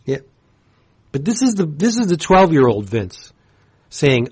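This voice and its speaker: A man's voice: medium pitch, expressive, a little slow, a little mellow, breathy edge. A man co-hosting a casual podcast, reviewing comics with gushing enthusiasm and rambling asides. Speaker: podcast co-host.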